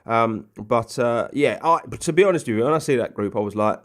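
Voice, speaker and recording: A man's voice: mid-range voice, brisk. A young man casually commentating a football management game, chatty and rambling with plenty of ums and asides. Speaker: gaming commentator.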